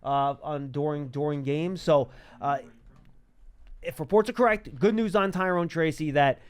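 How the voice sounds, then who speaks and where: A man hosting a casual sports talk show, chatty and quick, with many fillers and restarts. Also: on the high side, clean tone. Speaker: podcast host. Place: studio.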